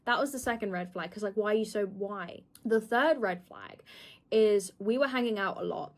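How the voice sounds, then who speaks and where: A woman's voice: medium pitch, normal speed. Young woman telling a candid story. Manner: candid, swearing, acting out quotes. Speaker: streamer. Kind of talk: casual storytelling chat.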